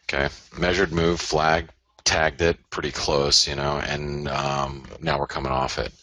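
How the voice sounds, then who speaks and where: Very deep-voiced man hosting a trading webinar. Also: flat delivery, a little slow, pushed and bright, dry recording. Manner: loose and chatty, many fillers, talks to viewers directly. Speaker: forex webinar host. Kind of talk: casual live market analysis.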